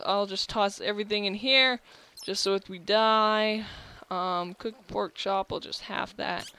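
A young adult narrates their own gameplay in a bright, keen voice, gushing over each find. The sentences tumble out with frequent false starts, in a casual let's-play commentary style. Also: medium pitch, clear, resonant tone. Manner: excitable and gushing, with frequent restarts. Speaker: gaming video host.

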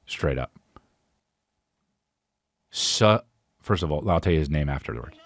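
A man hosting a podcast, telling a rambling, swearing story in casual chat with animated impressions. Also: rumbling low, measured pace, dry recording. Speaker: podcast host.

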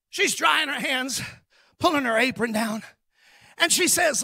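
A man preaching a sermon as a guest preacher, telling stories emphatically with bursts of shouting and quick asides. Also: extremely high pitch, lively intonation, no room sound, studio quality.

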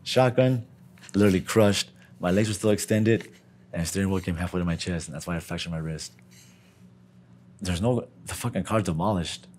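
A young man telling profane, animated stories in street slang during an interview. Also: fairly high pitch. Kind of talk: casual storytelling.

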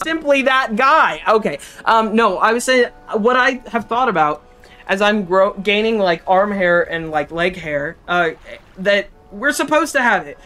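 A man streaming a game, chatting casually with his chat, excitable and profane, with a cold. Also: high-pitched, a little slow. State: has a cold. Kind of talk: casual gameplay commentary.

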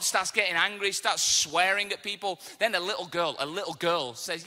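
Male pastor, sermon, bright cutting tone, fairly high pitch, animated storytelling, long hall reverb. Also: fairly quick. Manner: animated storytelling, casual asides. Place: church auditorium.

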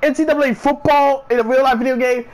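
This male sports vlogger has a very high voice and talks fast in a steady tone over a rough recording. His casual rant is profane, repetitive, and incredulous.

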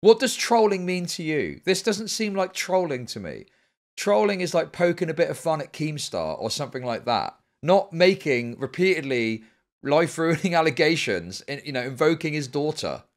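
A man's voice: a little high, very animated, moderate pace. Heated man arguing with chat. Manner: argumentative, heated, swears often. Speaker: streamer. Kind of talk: live stream commentary.

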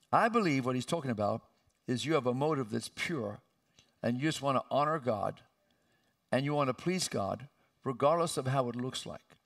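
A male pastor preaching a sermon with emphatic delivery and sudden loud, high outbursts, recorded in a church sanctuary. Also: creaky, far from the mic.

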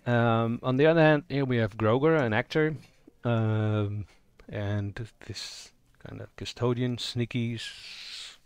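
A man's voice: mid-range voice, steady tone, slow pace, smooth, no echo. A man giving a casual spoken tutorial on voicing roleplaying characters, thinking aloud and improvising as he goes. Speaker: roleplaying game player explaining character voices.

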